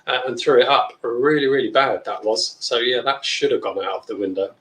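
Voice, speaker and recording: A man's voice: medium pitch, normal speed, fairly bright tone. Man, live-stream host, blunt casual chat, reads viewer comments, echoey room. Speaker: beer review channel host.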